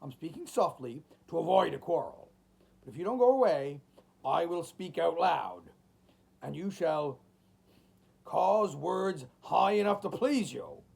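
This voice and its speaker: Audiobook: male reader as a heartless shopkeeper landlord, quiet threats, slow and deliberate. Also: on the high side, expressive, gravelly, slightly rough, heavily acted. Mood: threatening. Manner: speaks softly, menacing.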